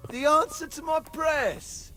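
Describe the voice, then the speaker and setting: A snarling, high-pitched bandit. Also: male voice, slow, faint music behind, exaggerated voice. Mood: menacing taunts. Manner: snarling, taunting battle shouts. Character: hostile male bandit spoiling for a fight. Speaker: game enemy.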